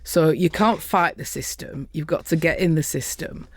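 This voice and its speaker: A middle-aged woman with a softened Lancashire accent, talking bluntly and earthily as a guest in a casual interview. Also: sits low, normal speed, dry recording. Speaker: podcast guest, construction safety professional.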